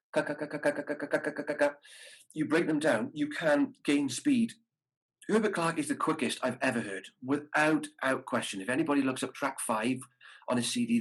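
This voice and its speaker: A man's voice: mid-range voice, breathy edge, rough recording. A man teaching a brass masterclass over a video call, explaining tonguing patiently and sounding out practice syllables. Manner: demonstrates articulation syllables aloud. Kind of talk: masterclass instruction.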